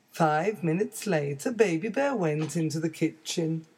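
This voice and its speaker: A woman narrating a children's story clearly and deliberately, as a read-aloud for learners. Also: sits low, animated, a little mellow.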